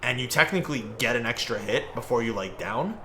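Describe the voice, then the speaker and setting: A man's voice: mid-range voice, lively intonation, a little fast, crowd noise. A young man casually chatting with viewers while he plays, rambling and laid-back, full of "like" and "bro". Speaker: gaming streamer.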